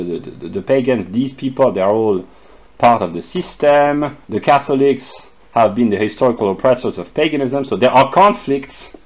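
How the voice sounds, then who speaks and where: A man works through an unscripted lecture at a middle pitch. He talks in halting bursts, full of fillers and restarts. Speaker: lecturer explaining a chart.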